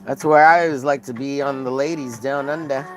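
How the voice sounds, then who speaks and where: A man's voice: mid-range voice, steady tone, a little fast, soft background music. A man from Texas chatting casually with his live chat while drawing, rambling and joking crudely. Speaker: streamer.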